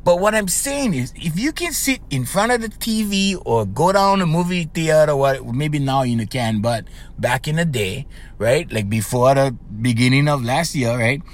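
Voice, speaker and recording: A middle-aged man hosts a life coach podcast in a casual, rambling monologue, his fairly high voice animated and moving at a moderate pace. He speaks English tinged with Hawaiian Pidgin, keeps tagging lines with "right?", and laughs often as he tells stories.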